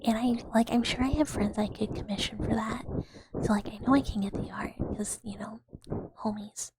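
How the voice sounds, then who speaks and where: A woman streamer chatting in a soft ASMR whisper, rambling and giggling with many fillers. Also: on the high side, steady tone, moderate pace, heavy background noise.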